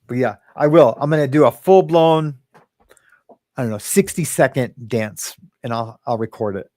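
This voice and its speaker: A man hosts a rambling, casual livestream from his living room, talking to viewers and reading their comments aloud. His voice sits at a middle pitch and the sound is dry and close. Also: normal speed, darkish tone, no echo. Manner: chatty, rambling, reads viewer comments aloud, laughs often. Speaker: host. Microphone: webcam or phone in his home.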